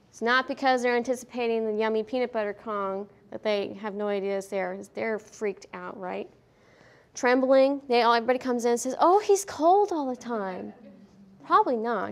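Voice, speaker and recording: A woman giving a veterinary behavior lecture at a conference, lively and questioning the audience, acting out what the dogs feel. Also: on the high side. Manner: lively, asks the audience questions, acts out dogs' thoughts. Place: conference hall.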